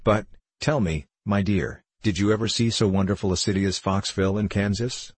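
A man's voice: lowish voice, fairly even intonation, moderate pace, husky, dry recording. A man voicing a courtly, gracious male fox king in an audiobook reading.

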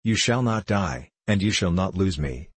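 A fretful, kindly old aunt frets and pleads in a low, husky voice, as a man reads her lines. She speaks gently and anxiously, an audiobook figure. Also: lively intonation, normal speed, no echo. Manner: anxious, pleading, soft-hearted. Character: nervous, kindly old aunt, a wealthy lady. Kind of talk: audiobook character voicing.

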